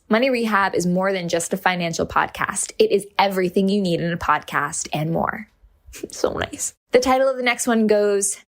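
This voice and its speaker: A woman producer reading listener reviews aloud in a brisk, even way. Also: lowish voice. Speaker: podcast producer.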